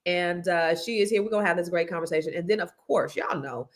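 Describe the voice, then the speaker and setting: A woman with a Californian accent hosting a panel talk show, animated and playful, stretching words for emphasis. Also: lowish voice, fairly quick. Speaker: host.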